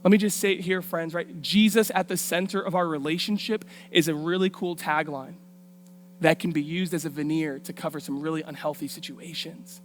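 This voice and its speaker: A woman preaching a storytelling sermon in a church, colloquial and street-smart. She moves from hushed asides to loud, punchy lines. A faint hum runs under the sound. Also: deep voice, steady tone, a little fast. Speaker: guest preacher.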